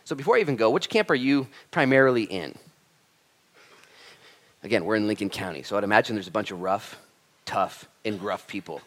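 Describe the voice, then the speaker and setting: A pastor with a voice on the low side preaches a sermon briskly, with long pauses, addressing his congregation in an energetic, conversational way full of animated quoted asides.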